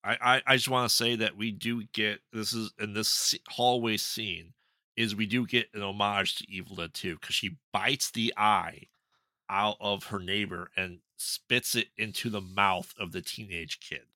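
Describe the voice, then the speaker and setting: A man's voice: fairly low pitch, fairly even intonation, unhurried, bright, forceful tone, dry recording, studio quality. A man co-hosting a podcast, chiming in with short agreements and film trivia. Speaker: podcast co-host. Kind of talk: casual movie chat.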